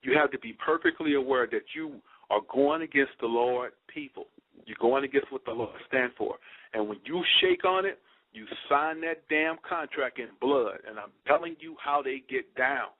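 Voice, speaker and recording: A man's voice: mid-range voice, moderate pace. A man giving an emphatic, preachy lecture to his listeners in a slangy style, hammering the same points again and again. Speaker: speaker addressing listeners. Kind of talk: conspiracy lecture. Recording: dry tinny phone-like sound.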